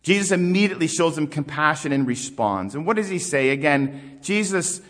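A man with a slightly higher voice preaches with emphatic, rising and falling delivery. He turns to his listeners with questions. His voice rings out under a long hall reverb. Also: lively intonation, normal speed, a bit bright. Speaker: pastor. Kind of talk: sermon.

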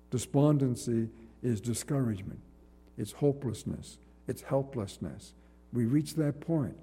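A man preaching a sermon in an earnest, measured way, repeating phrases for emphasis, in a church. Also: medium pitch, mellow, husky, long reverb tail.

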